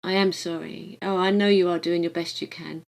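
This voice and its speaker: A woman reading the part of a newly dead man, a father who is gruff and doubting at first, in an audiobook. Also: lowish voice, fairly even intonation, normal speed, poor audio. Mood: bitter.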